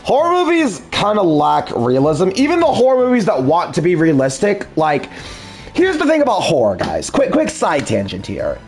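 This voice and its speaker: A man's voice: sits high, huge pitch swings, moderate pace, faint music behind. A man dubbing a video game, breaking off into casual rambling asides with loose swearing. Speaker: let's play dubber. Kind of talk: casual commentary over a game.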